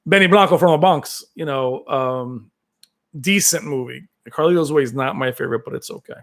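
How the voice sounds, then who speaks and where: A man's voice: a little high, normal speed, fairly bright tone. A man hosting a casual live-stream chat, reading viewer comments and rambling on with many fillers and restarts. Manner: does brief movie-quote impressions. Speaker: tech channel host reading live chat.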